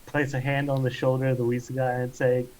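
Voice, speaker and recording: A man player in a tabletop role-play, laid-back and halting. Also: mid-range voice, monotone, darkish tone, slight background noise, rough recording.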